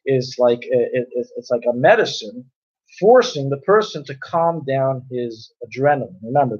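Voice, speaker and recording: A man's voice: mid-range voice, darkish tone. A man teaching a conversational Torah class, explaining with everyday examples and often repeating and restarting his phrases. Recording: dull lo-fi recording.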